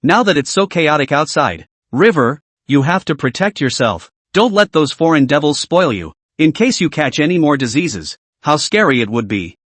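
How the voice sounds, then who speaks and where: A man's voice: fairly high pitch, very animated, normal speed, hardly any pauses, a bit bright, dry recording. A taunting, spiteful rich young woman from a comic recap, as a man reads her lines. The voice rises and falls a lot and the sound is dry and close. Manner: taunting, sneering.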